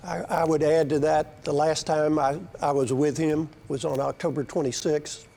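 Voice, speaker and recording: A man's voice: fairly high pitch, little pitch movement, moderate pace, creaky, warm tone, a little hiss or hum. A male studio guest sharing a reflective personal recollection, repeating words at times.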